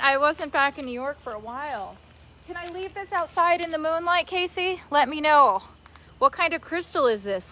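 A young woman vlogger gushing excitedly as she unboxes a gift haul at home, talking to her viewers and the giver. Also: high voice. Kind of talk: casual vlog unboxing. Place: home, later outdoors by a tree.

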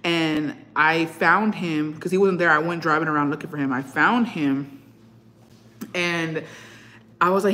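A woman's voice: lowish voice, moderate pace, reverberant. A young woman hosting a casual livestream, telling stories animatedly, swearing often and slipping into Spanish phrases. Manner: swears freely, slips into Spanish; animated storyteller. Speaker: livestream host.

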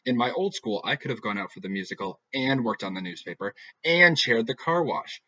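A man's voice: mid-range voice, expressive, fairly quick, pushed and bright, no echo. A man voicing an upset, dramatic teenage girl who complains emphatically. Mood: indignant. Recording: dull lo-fi recording.

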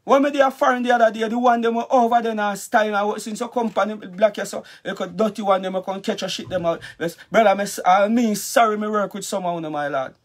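A man with a strong Jamaican accent and a high-pitched voice rants in a heated, cursing monologue. He keeps turning back to the listener with repeated asides as he vents. He speaks as a dancehall artist addressing his audience directly. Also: fairly even intonation, fast, hardly any pauses. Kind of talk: heated vlog rant.

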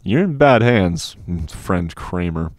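A man voicing a self-assured older schoolboy who speaks softly and with measured calm. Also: sits low, dry recording, clean studio sound. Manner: measured, soft, unhurried.

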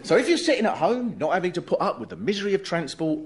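A man's voice: high-pitched, sing-song, fast talker. A male comedian hosting, explaining his ideas in sardonic stand-up patter. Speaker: comedian host.

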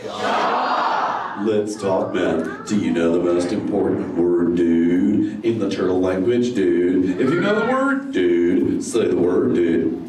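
A man's voice: sits low, expressive, slow, background noise. A man voicing a laid-back male surfer-dude sea turtle in a live improvised show, with a goofy drawl that keeps calling everyone "dude". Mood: stoked. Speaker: live interactive show character. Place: large indoor theater with an audience. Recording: echoey theater audio from far off, loud crowd.

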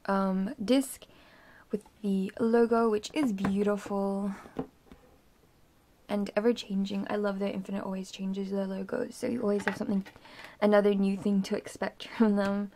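A young woman gushes and rambles through an album unboxing, now and then dropping into a breathless whisper of awe. Her mid-pitched voice carries a gravelly fry, and a faint hiss sits under the home recording. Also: level tone, moderate pace. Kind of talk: excited unboxing chatter.

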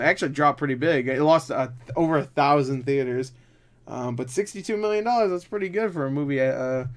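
A tired young man rambling through casual movie box office commentary, swearing often and breaking into loud disbelief. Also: mid-range voice. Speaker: movie vlogger.

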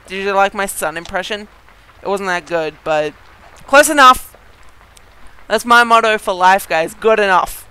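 A gaming video host giving excited let's-play commentary, chatty with viewers, giggling and yelping at surprises. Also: mid-range voice, measured pace, clean tone, rough recording. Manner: chatty, talks straight to viewers.

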